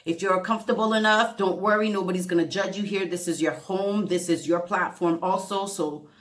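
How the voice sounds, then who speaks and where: A woman's voice: fairly low pitch, fairly even intonation. A woman vlogger speaking earnestly to her viewers and reading a heartfelt letter aloud, fighting back tears, sometimes tripping over words. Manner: earnest, emotional, halting reading with self-corrections. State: close to tears.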